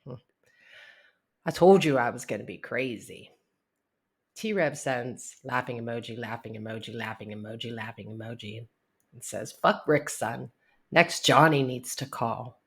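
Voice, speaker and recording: A man's voice: mid-range voice, gravelly, a bit bright, husky. A man reading out a string of text messages aloud, adding blunt, profane asides of his own. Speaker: commentary narrator.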